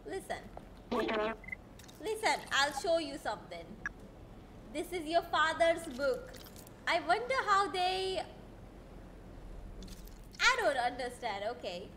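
A young woman streaming a game, chatting excitably and reading lines aloud. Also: very high-pitched, slow, pauses often, noisy background. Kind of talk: live game commentary.

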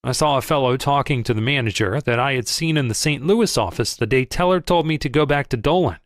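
A man reading a first-person audiobook in a lively storytelling manner, close to the mic. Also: mid-range voice, a little fast, dry recording. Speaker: audiobook narrator.

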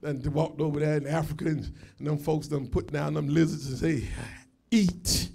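A man preaching a live sermon as a pastor, shouting, laughing and swinging between loud and soft. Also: on the high side, little pitch movement, a little fast, gravelly, husky. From United States.

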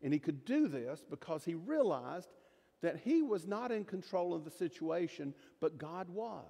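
A man's voice: fairly high pitch, sing-song, normal speed, vocal fry, dark tone, husky. A middle-aged male pastor preaching a sermon in a folksy, emphatic way with jokes and asides. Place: church sanctuary. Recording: long reverb of a church hall.

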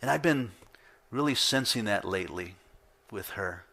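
Middle-aged man, pastor, sermon delivery, lively storytelling, bright tone. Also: fairly low pitch, normal speed. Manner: animated storytelling, acting out his own reactions with laughs. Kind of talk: sermon with personal stories. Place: church.

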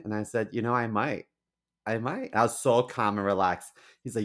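A man co-hosting a podcast, telling stories in a casual chat, animated, blunt and crude. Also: lowish voice, normal speed. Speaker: podcast co-host.

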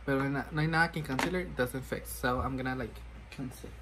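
A man's voice: mid-range voice, fairly even intonation, quick pace, very noisy. A man chatting casually while doing his makeup, rambling and self-mocking, switching languages mid-sentence. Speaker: makeup vlogger.

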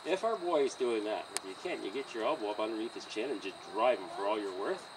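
A man training a horse outdoors by a trailer, coaching a student in an encouraging, animated way and often laughing. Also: on the low side, fast talker. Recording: distant outdoor mic with insect noise.

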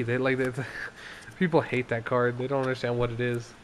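Excitable young man reviewing his deck. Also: mid-range voice, moderate pace, a little hiss or hum. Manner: excitable, laughs often, acts out opponents. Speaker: card game vlogger.

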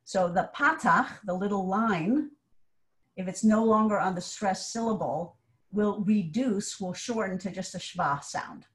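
A woman's voice: medium pitch, unhurried. A woman teaching a Hebrew language class online, explaining step by step in a patient way.

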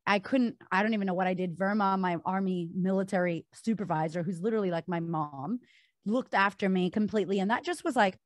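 A woman's voice: mid-range voice, fairly quick, no room sound. A woman guest on a podcast recounting a personal story candidly, with many filler words.

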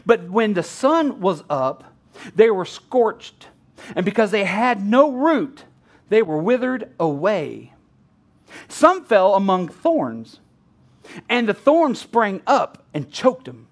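A man's voice: high-pitched, big pitch swings, slow pace. A middle-aged male pastor preaching a sermon, laughing often and acting out bits of dialogue.

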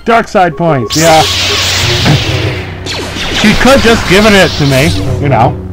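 A man's voice: on the high side, animated, slow, over loud music, rough recording. A man giving casual, joking commentary while playing a video game, often laughing at himself. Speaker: let's play host.

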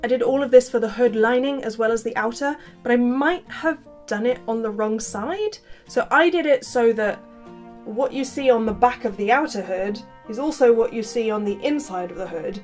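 A woman chatting casually through a sewing vlog, playful and quick to poke fun at herself. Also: on the high side, a little mellow, soft background music. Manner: chatty, playful, self-mocking asides. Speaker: costume maker.

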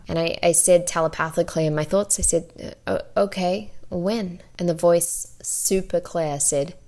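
A woman hosting a podcast, telling a personal story in a soft, intimate way with light laughs. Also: on the low side. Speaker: podcast host and spiritual coach. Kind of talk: storytelling monologue.

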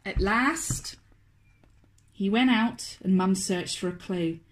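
A woman, a children's author, reading a picture book aloud to toddlers in a slow, expressive, sing-song way. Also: mid-range voice. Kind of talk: storybook read-aloud for toddlers.

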